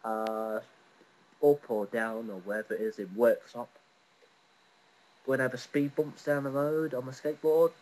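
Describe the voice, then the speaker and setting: A man's voice: medium pitch, little pitch movement, a little slow, long pauses, a little mellow, rough recording. A young man chatting casually at home, crude and teasing, telling a story with jokes. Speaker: vlogger. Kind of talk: casual chat. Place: front room at home.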